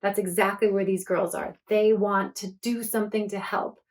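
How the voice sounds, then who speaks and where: A woman's voice: medium pitch, level tone, moderate pace. A woman author reading her book aloud to children, chatty and enthusiastic between passages.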